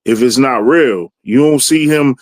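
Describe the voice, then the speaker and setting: A man's voice: mid-range voice, a little slow, a little mellow, no room sound. A man chatting casually in a religious discussion podcast, loose and conversational, often asking "you know what I mean".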